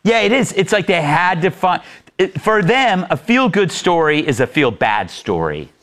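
A male talk show host with a lively, swinging delivery. He sounds sarcastic and mocking as he gives his opinions, and his voice rises and falls widely. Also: high voice, normal speed.

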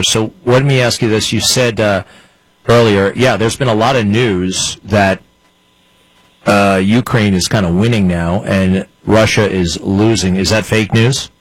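A man's voice: fairly low pitch, no echo, rough recording. A man hosting an interview, asking eager questions and reacting with interest. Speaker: interview host.

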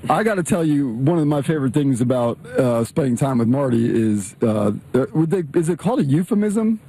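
Playful man with a lively, mellow voice. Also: medium pitch, fairly quick. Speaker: co-host. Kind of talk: casual banter on a sports show.

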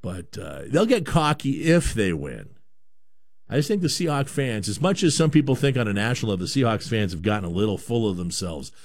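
A man's voice: on the low side, sing-song, a little fast, dry recording. A man born in Canada hosting a sports talk show, giving a rambling, opinionated monologue with lots of repeated words.

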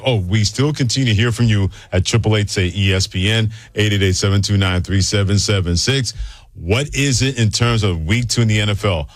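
Radio sports host guy, lowish voice, dry close mic, chill. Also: no room sound.

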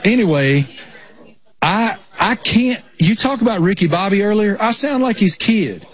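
A man's voice: sits high, lively intonation, unhurried. A man with a rural Appalachian Southern accent, chatting casually as a sports broadcaster over a remote connection. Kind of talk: casual chat. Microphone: remote connection over satellite internet.

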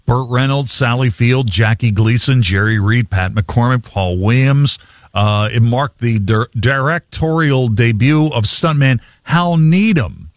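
A man's voice: medium pitch, measured pace, dry recording, clean studio sound. A man hosting a sports radio call-in show, chatty, reading trivia with easy asides.

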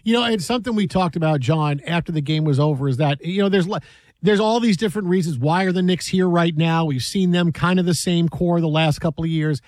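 A high-voiced man with a playful, teasing way of talking, chatting about sports. The sound is close and dry, with no room echo. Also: a little fast, darkish tone. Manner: jokey, teasing. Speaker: sports radio co-host. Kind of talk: casual sports talk.

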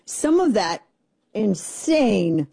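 A woman's voice: medium pitch, big pitch swings, very slow, creaky, mellow, husky, no echo. A middle-aged woman hosting a political radio talk show, chatty, opinionated and sarcastic. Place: radio studio.

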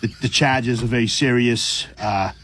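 A man's voice: mid-range voice, steady tone, a little slow, a bit bright, a little hiss or hum. An older man, a grandfather, chatting casually and with amusement as co-host on talk radio. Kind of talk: casual chat.

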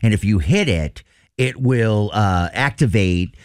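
Animated, chatty radio host man. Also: on the low side, measured pace, no room sound, clean studio sound. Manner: chatty, laughs often, stretches out words. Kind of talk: casual on-air banter.

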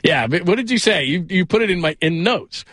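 Fill-in male sports radio host, rambling and jokey, bright voice, close dry mic. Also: high-pitched, expressive, a little fast, slightly rough, dry recording. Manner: rambling, self-deprecating, laughs often. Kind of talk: casual sports talk radio. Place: radio studio.

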